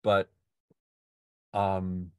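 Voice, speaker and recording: An older man leading a poetry discussion group, talking in a halting way with many restarts and fillers. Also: sits low, monotone, darkish tone, clean tone, no echo, studio quality. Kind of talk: casual literary discussion.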